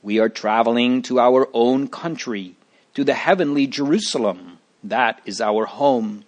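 Two patient male travelers from a storybook speak earnestly and gently, as a male narrator reads their lines. The delivery is slow and unhurried. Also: mid-range voice, close to an everyday voice.

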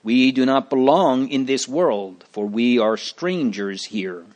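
A man voicing two patient male travelers in a storybook, who explain themselves earnestly and gently. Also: medium pitch, takes it slowly, natural voice.

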